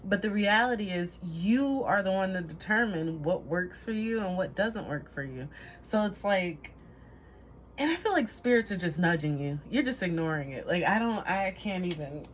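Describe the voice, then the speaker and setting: Low-voiced woman giving a rambling tarot reading. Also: expressive, measured pace, slight background noise. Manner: rambling, trails off and restarts, laughs at herself. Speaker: tarot reader. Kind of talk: casual tarot reading to camera.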